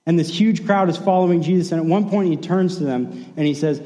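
A pastor giving a sermon in a relaxed, conversational storytelling way, acting out the quoted lines. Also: male voice, fairly high pitch, quick pace, hardly any pauses, long reverb tail, rough recording.

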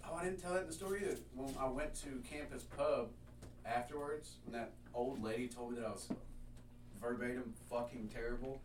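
A man's voice: medium pitch, fairly quick. A young man with a Middle Tennessee accent, a comedian guest telling stories in casual podcast chat, laid-back and casually swearing. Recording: roomy, distant mic, crowd noise.

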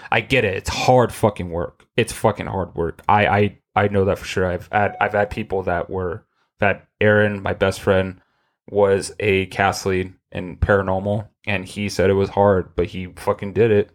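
A man's voice: deep voice, little pitch movement, moderate pace. A man hosting a podcast, talking in a rambling, profane way with many restarts. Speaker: podcast host. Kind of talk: casual chat.

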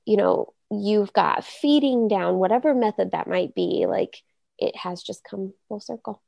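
A woman's voice: mid-range voice, very animated, unhurried, gravelly, mellow, no echo. A woman co-hosting a podcast, chatting casually and earnestly with fillers like "um" and "you know". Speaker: doula podcast co-host.

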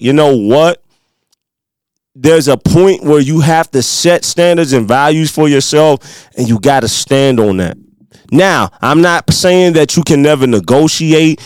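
A man's voice: fairly high pitch, clear, resonant tone, no echo. A young man with a Midwestern country accent hosting a motivational podcast, preaching to his listeners in a hyped, upbeat way. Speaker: podcast host.

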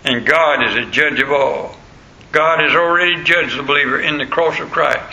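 A male pastor delivers an emphatic sermon, leaning on repeated phrases. His voice is gravelly and sharp, set a little high for a man. The sound carries a roomy echo. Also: moderate pace.

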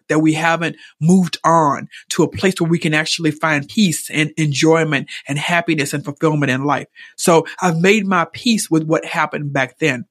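A middle-aged woman hosting a podcast, speaking openly and earnestly about a personal experience, emotionally expressive and at times repeating herself when moved. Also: low-pitched, no echo, clean studio sound. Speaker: podcast host. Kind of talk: personal reflective monologue.

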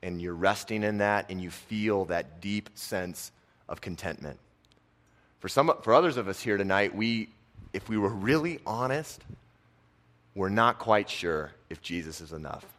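A young man giving a casual, conversational sermon, dropping his voice soft on key lines. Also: on the low side, animated, a little slow. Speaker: preacher and football coach.

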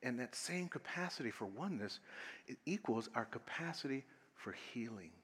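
A man preaching a sermon as a minister. He tells stories and leads his listeners through a short exercise, swinging between loud, laughing passages and hushed, near-whispered ones. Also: medium pitch, lively intonation, moderate pace, husky, big-room sound.

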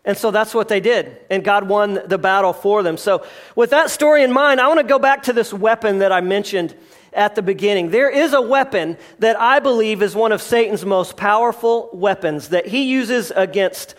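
A pastor preaching a sermon, telling a story with lively asides, jokes and acted-out quotes. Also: male voice, high voice, moderate pace. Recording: live address to a congregation.

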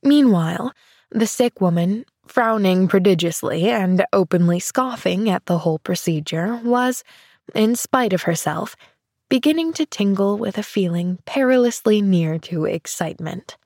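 A woman narrating a classic novel in measured, gentle storytelling. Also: medium pitch, lively intonation, no echo, clean studio sound. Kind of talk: audiobook narration.

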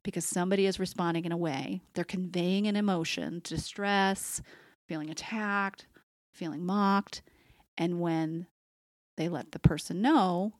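A woman's voice: lowish voice, steady tone, unhurried, no room sound. A middle-aged woman, a therapist hosting a podcast, explaining a concept conversationally and acting out quoted phrases. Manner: acts out quoted phrases in a shifting voice.

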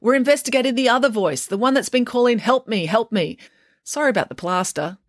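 A woman's voice: on the high side, brisk, no room sound, studio quality, pitched above the performer's own voice, close to an everyday voice. A woman reading aloud, voicing a fussy, logical schoolgirl detective who speaks precisely and pedantically. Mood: matter-of-fact. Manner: precise, pedantic, matter-of-fact.

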